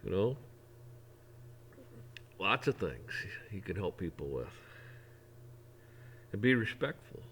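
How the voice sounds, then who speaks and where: A man's voice: sits low, big pitch swings, slow pace, long pauses, fairly bright tone, a little hiss or hum. A middle-aged man talking in a casual, folksy way, rambling through an opinion monologue with frequent restarts. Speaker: vlogger.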